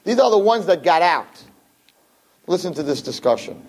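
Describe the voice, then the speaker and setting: High-pitched male teacher giving a lively Torah lesson to a roomful of listeners. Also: moderate pace. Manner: animated, acts out dialogue with big pitch swings; Hebrew verses read then translated. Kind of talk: Torah class lecture to a live audience. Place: room with listeners.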